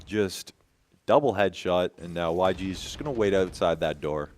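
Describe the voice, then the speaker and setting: A man doing rapid play-by-play commentary as an esports caster, often stammering over restarts. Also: low-pitched, darkish tone, slight background noise. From Canada.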